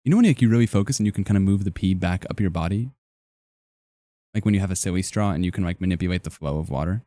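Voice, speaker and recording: A man's voice: deep voice, racing, warm tone, no echo. A young man streaming live, chatting casually and joking as he reacts to his chat in a rambling way.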